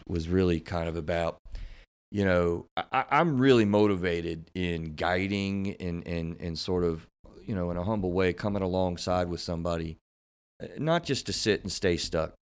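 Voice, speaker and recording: Low-voiced man hosting a therapy podcast. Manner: halting, repeats words and restarts often. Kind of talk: casual podcast conversation.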